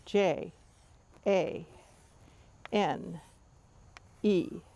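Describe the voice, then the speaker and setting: An older woman telling a family story to her grandchildren in a measured, tender way. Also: lowish voice, gravelly, warm tone.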